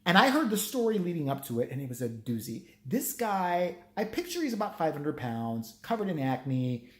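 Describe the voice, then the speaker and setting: A man's voice: on the high side, very animated, moderate pace, fairly bright tone. Crude, ranting man in an echoey room. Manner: crude, sarcastic and rambling. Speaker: vlogger. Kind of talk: profane ranting storytelling. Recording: roomy echo.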